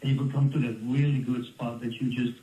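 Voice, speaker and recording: A Dutch man in his fifties telling stories in a casual interview, animated and laughing often. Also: mid-range voice, a little fast. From Netherlands. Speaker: interview guest, former fighter. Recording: roomy, distant mic with faint ambience.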